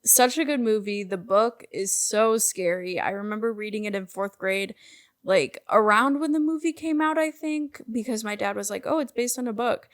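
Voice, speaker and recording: Young woman co-host, mid-pitched, relaxed dry humor, casual chat. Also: normal speed. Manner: laid-back, dry joking. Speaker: podcast co-host.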